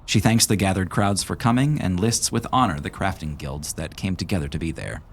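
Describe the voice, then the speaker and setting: A man narrating a tabletop game as game master, in a measured, descriptive way. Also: low-pitched, a little hiss or hum.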